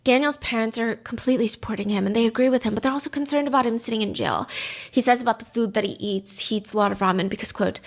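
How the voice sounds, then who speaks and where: A woman hosting a true-crime podcast, telling the story with expressive, dramatic asides. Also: a little high, fast.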